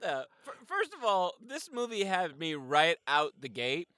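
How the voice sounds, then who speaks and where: A man co-hosting a casual podcast, talking high and bright with a very animated voice that swings all over. He is playful and jokey and breaks into big emphatic bursts. The sound is close and dry. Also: normal speed, no echo. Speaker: podcast co-host.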